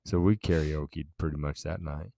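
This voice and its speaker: A man co-hosting a podcast in loose, halting casual chat with many restarts. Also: rumbling low, fairly even intonation, vocal fry, warm tone, dry recording, studio quality. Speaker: podcast co-host.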